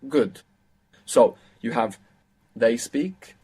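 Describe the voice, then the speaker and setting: A man's voice: mid-range voice, drawn-out words, dark tone. A man teaching a live online language lesson, patiently explaining grammar and quizzing his students with questions.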